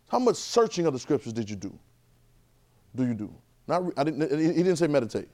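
Male preacher, thirties, call-and-response style, pitched a bit high. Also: brisk, darkish tone. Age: 30s. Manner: call-and-response with the congregation, conversational and emphatic. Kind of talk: sermon.

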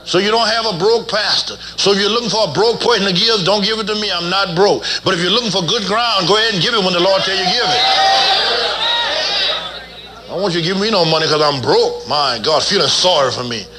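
A man's voice: sits high, brisk, pushed and bright, some chatter behind. A man preaching as a pastor, folksy and teasing, leading his congregation in call-and-response. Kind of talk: sermon.

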